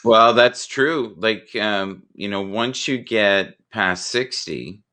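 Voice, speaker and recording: A man in his fifties, joking and telling animated stories in a casual chat. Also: on the low side, slow, smooth. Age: 50s.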